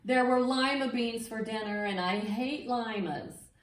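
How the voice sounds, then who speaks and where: A woman reading a picture book aloud to children, with an expressive, sing-song delivery that invites the listeners to join in. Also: fairly high pitch, a little slow, background noise. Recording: echoey room, mic set far off.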